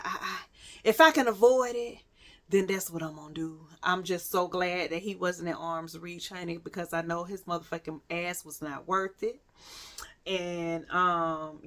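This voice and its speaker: A woman's voice: mid-range voice, bright, forceful tone. A woman telling a personal story to viewers in a candid, profane way, with many restarts and direct asides. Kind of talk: casual storytime monologue.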